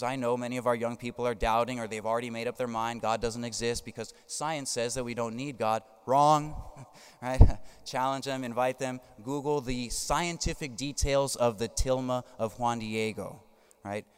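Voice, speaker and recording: Male priest, sermon, emphatic, smooth resonant voice, long church reverb. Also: mid-range voice, steady tone, moderate pace. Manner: emphatic, tags points with "right?". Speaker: Catholic priest.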